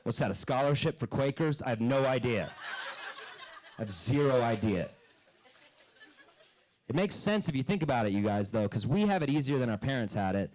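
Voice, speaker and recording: A man doing a stand-up comedy set on a club stage into a handheld mic, dry and deadpan, breaking into loud character bits. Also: mid-range voice, normal speed, pauses often, rough recording.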